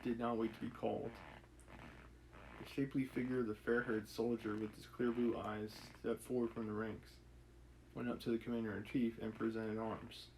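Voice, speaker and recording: A man's voice: on the low side, flat delivery, moderate pace, a little mellow, slight background noise, rough recording. A man reading a classic novel aloud on a live stream, musing and correcting himself between passages in casual commentary. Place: home setup, live stream.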